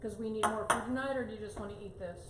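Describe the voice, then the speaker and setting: Far-off voice in a kitchen, short questions, pots and pans clanking loud, echoey. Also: mid-range voice, very fast, heavy background noise. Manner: brief interjections from across the room. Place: home kitchen.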